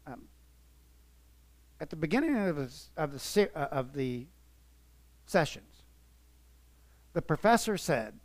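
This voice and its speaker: A male pastor preaching an earnest, emotional sermon, his voice swelling and dropping in volume and slowing to stress words. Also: fairly high pitch, very animated, no room sound.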